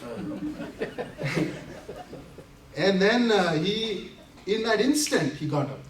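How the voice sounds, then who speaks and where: A man's voice: high-pitched, slow pace, slight background noise. Laughing man telling stories in a hall. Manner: animated, laughing often while acting out quotes. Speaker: invited speaker. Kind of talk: storytelling talk to an audience. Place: community center hall. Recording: roomy hall from a distance, faint ambience.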